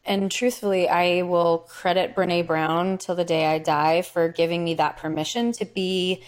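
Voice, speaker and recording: A woman's voice: lowish voice, steady tone, moderate pace. A woman therapist hosting a podcast, casual and affirming, frank and ready to swear. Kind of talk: casual interview chat.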